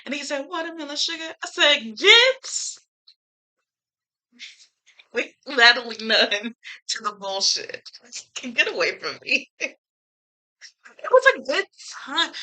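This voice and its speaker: A young woman chatting casually to her camera as a YouTuber, animated and slangy, laughing often and swearing freely. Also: medium pitch, low-quality recording. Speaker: YouTuber reviewing a film. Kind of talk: casual chatty movie review.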